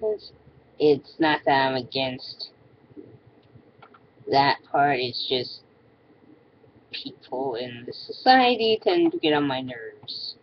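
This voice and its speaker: A woman's voice: a bass voice, expressive, takes it slowly, pauses often, muffled recording, slight background noise. A woman ranting in a casual vlog, exasperated and sarcastic, often stopping and restarting her sentences. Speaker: vlogger.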